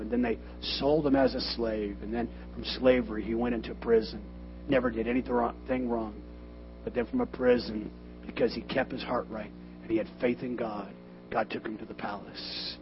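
A man preaching a sermon in a church, animated and joking, with loud emphatic bursts. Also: medium pitch, a little hiss or hum. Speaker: pastor. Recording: dull lo-fi sermon recording with faint music.

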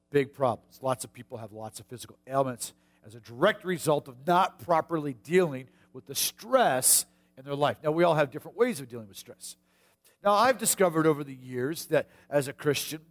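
A middle-aged man from the United States preaching a sermon, telling a personal story in a folksy way with hushed asides and sudden shouts. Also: mid-range voice. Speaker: pastor.

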